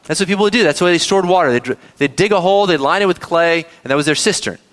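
A pastor preaches an animated sermon, reading verses, putting questions to the congregation, and speaking to the kids as well. His voice is fairly high and his pace quick.

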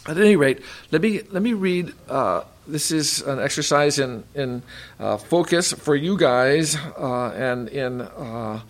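A man giving a sermon as a pastor, reading scripture aloud and explaining it with many pauses and fillers, in what he calls his monotone voice. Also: mid-range voice. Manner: self-described monotone delivery. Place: room with a heater.

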